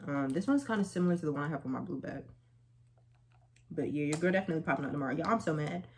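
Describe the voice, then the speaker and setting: Young woman with a low voice vlogging a haul, chatty slangy storytelling, slight hiss behind. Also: very fast, a little mellow. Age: young adult. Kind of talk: casual try-on haul chat.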